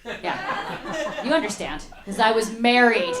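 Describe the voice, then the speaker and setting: On a club stage, a young woman jokes around with the audience in a chatty, playful way. She sounds a little high and very animated but takes a slow pace, while the crowd laughs in the roomy room.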